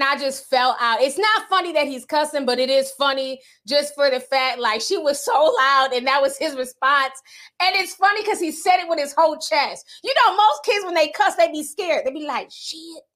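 A woman hosting a livestream podcast, chatting casually and reading super chats in a sassy, animated way. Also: high-pitched. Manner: sassy, animated, calls viewers sis and honey.

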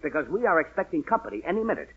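Exasperated father, blustering scolding manner, husky tone, tinny old radio broadcast. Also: fairly high pitch, sing-song, very fast, full character voice. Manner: blustering and scolding, stern lectures. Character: exasperated middle-aged father, head of household. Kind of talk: 1940s radio sitcom acting.

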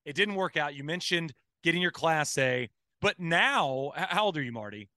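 A man's voice: fairly high pitch, expressive, moderate pace, sharp tone, dry recording, clean studio sound. A man hosting a golf podcast, asking long, rambling, thoughtful questions in casual chat. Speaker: podcast host.

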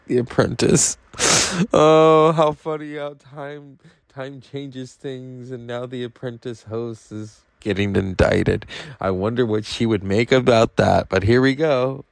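A man's voice: on the low side, creaky, no echo. A tired man hosting a podcast, talking in a casual, rambling monologue and swearing freely. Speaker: podcast host.

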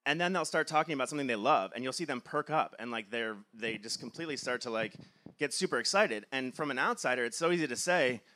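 A man's voice: mid-range voice, animated, quick pace, pushed and bright. A man, a film producer, giving an enthusiastic motivational talk, filling his sentences with "like". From Cleveland, USA. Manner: enthusiastic, frequent filler "like".

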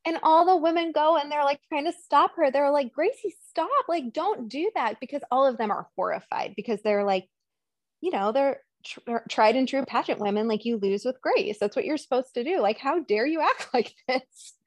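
Woman podcast host retelling a movie plot, lively, acts out lines, dry close sound. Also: high-pitched, moderate pace, dry recording. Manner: animated retelling with quoted voices. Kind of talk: casual movie recap chat.

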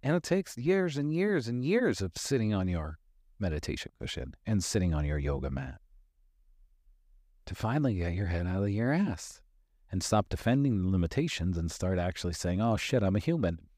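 A man's voice: low voice, big pitch swings, normal speed, a little mellow, no room sound, clean studio sound. A man in his fifties hosting a motivational podcast, talking candidly and emphatically, swearing casually and repeating phrases for stress. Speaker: podcast host and life coach.

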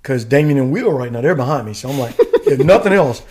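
A middle-aged man from the United States telling a story as a podcast guest, casual and profane, full of animated asides. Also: mid-range voice, brisk. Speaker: guest, retired Army warrant officer.

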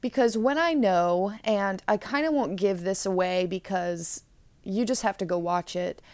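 A woman's voice: mid-range voice, unhurried, no echo. Chatty woman podcast host, dry sound. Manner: chatty, animated storytelling. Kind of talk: casual episode recap.

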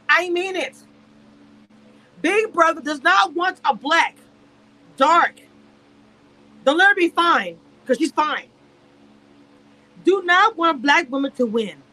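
A woman's voice: sits high, expressive, slow, pauses often, sharp tone, poor audio. A woman reviewing a reality show on a live stream, speaking in a heated, emphatic way and repeating herself. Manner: emphatic and repetitive, heated and exasperated. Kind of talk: casual live-stream commentary rant.

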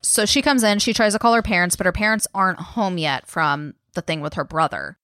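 A woman's voice: on the low side, a little fast, fairly bright tone, dry recording, clean studio sound. A woman co-hosting a podcast, casually retelling a true-crime case in a chatty, filler-heavy way and swearing freely. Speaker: podcast co-host.

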